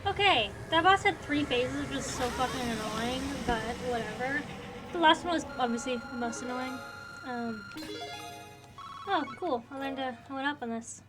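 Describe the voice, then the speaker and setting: Woman game streamer, loose cursing chatter, fairly high voice, music faint. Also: normal speed. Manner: casual, swears freely. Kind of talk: casual gameplay commentary.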